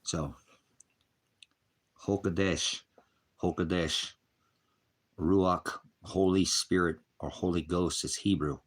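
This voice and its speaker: A man delivers an informal, meandering sermon in a deep, husky voice. He is combative and swears freely, and he clears his throat often between points. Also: fairly even intonation, unhurried, few pauses. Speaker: street preacher.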